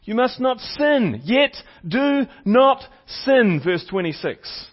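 A man with a high voice preaches a teaching sermon. He repeats his main points and puts questions to the congregation. The recording sounds slightly dull and lo-fi. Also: sing-song, slow pace. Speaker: pastor.

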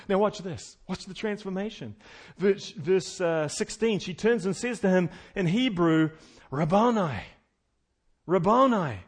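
With a high-pitched voice, this middle-aged pastor alternates loud, emphatic preaching with quiet, folksy storytelling and chuckled asides during his sermon.

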